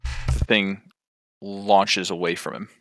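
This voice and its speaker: Deep, bright-toned game master man. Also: flat delivery, takes it slowly. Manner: hesitant, full of ums. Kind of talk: narrating a tabletop game.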